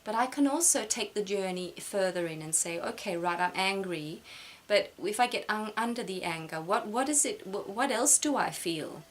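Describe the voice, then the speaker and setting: Halting, tearful middle-aged woman. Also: mid-range voice, lively intonation. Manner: halting, repeats words, emotional. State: close to tears. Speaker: vlogger. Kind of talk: personal reflective monologue.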